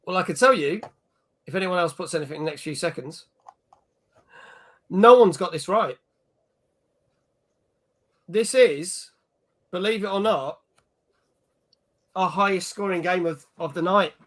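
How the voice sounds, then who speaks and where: A man's voice: high voice, unhurried, pauses often, fairly bright tone. A man hosting a casual gaming chat show, reading out viewer messages and scores. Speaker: podcast host.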